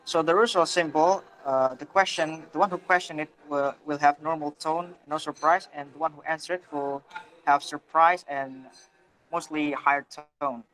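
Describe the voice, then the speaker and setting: A man's voice: on the high side, fairly even intonation, moderate pace, fairly bright tone, low-quality recording. A young man with an Indonesian accent leads a class presentation, handing turns to classmates and explaining rules. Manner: organized, moderates turns. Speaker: student presenter.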